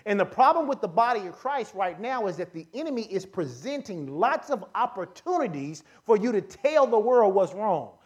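A man preaching at a church service, leading the congregation in call-and-response and building from calm teaching to shouted fervor. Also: high-pitched, moderate pace, hardly any pauses. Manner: leads the congregation in repeat-after-me lines.

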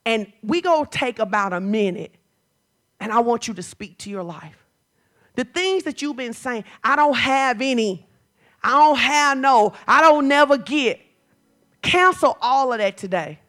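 A woman pastor preaching a sermon, moving from chatty storytelling to loud, fervent declarations. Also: on the high side, animated, a little slow.

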